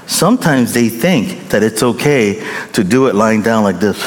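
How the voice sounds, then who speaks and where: Lively preaching man in an echoing hall. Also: medium pitch, moderate pace, few pauses. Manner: animated, emphatic, repeats phrases for effect. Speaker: pastor. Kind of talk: sermon. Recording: long reverb in large hall.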